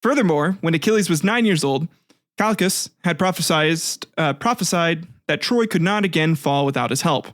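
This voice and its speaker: A man's voice: fairly high pitch, lively intonation, normal speed, no echo, studio quality. A man hosting a casual history podcast, retelling myths with swearing, laughter and jokey asides, often restarting his sentences. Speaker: podcast host.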